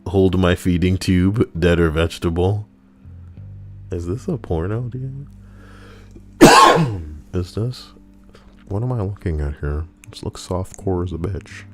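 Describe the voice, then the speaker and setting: Low-pitched and slow, pausing often, a man runs a livestream in which he reads posts aloud and adds crude, sarcastic riffs. He's close to a desk mic, and faint music plays behind.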